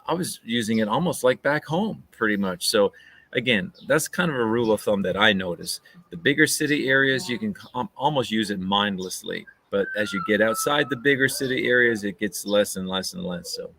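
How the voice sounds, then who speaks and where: A man co-hosting a casual live-stream podcast, chatty and quick to laugh. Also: fairly low pitch, gravelly, slight background noise. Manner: animated, laughs often, chatty asides. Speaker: podcast co-host.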